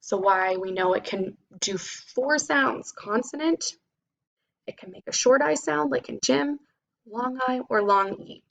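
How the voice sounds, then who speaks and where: A woman teacher giving a phonics lesson to children, spelling out sounds slowly and clearly. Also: fairly high pitch.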